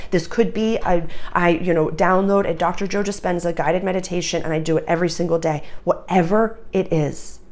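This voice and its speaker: Woman, tarot reader, lowish voice, urgent and emotional, channeled reading, lots of fillers. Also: darkish tone.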